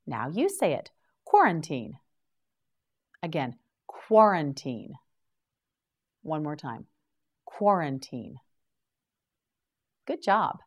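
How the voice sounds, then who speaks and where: Slow, lilting woman teaching vocabulary. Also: deep voice, wildly swooping pitch, slightly rough. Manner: carefully enunciated, repeats each word for the listener. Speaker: English teacher. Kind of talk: slow vocabulary drill for beginners.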